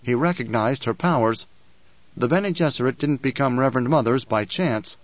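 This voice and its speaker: Male audiobook narrator, measured delivery, medium pitch, dry, slightly muffled recording. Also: dry recording. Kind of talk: scripted narration.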